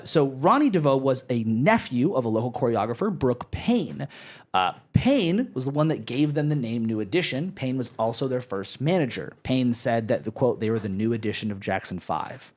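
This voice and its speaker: A man's voice: medium pitch, expressive, normal speed. A young adult man hosting a casual live podcast, rambling with restarts and fillers and cursing freely. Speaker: podcast host.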